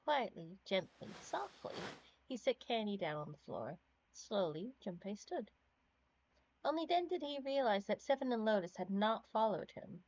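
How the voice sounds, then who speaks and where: A woman streamer reading a game's narration aloud at a slow, measured pace. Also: mid-range voice, big pitch swings, a little mellow, dry recording. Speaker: streamer reading game text. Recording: dry, slightly dull stream audio.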